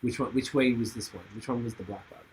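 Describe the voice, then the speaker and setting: A man's voice: medium pitch, quick pace, poor audio. A man hosting a podcast, thinking aloud in rambling, enthusiastic casual chat. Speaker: podcast host.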